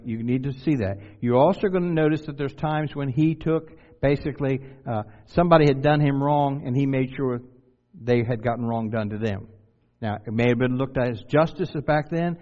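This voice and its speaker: A man from Delaware, USA, preaches a sermon in a conversational style, asking his listeners questions and slipping in self-deprecating humor. His voice sits in the mid range, and the audio is dull with a big-room sound.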